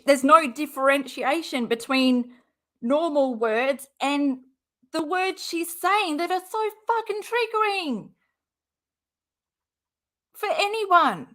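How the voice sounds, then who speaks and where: Woman, high voice, slow delivery, sarcastic reaction commentary, swearing, has a cold. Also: fairly bright tone. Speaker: reaction streamer. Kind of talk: angry commentary over a clip.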